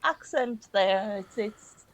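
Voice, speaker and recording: A woman's voice: medium pitch, expressive, slow pace, low-quality recording. A woman playing a tabletop game, playful and musing as she speaks for her character. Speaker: player. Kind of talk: casual tabletop play.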